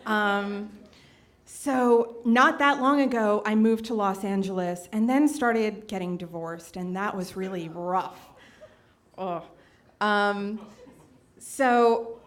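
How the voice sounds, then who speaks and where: A woman in her late twenties telling a personal story on stage, conversational, with many fillers, acting out the quotes. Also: slow pace. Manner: conversational, many fillers, acts out quotes with big pitch jumps. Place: stage at a live storytelling event.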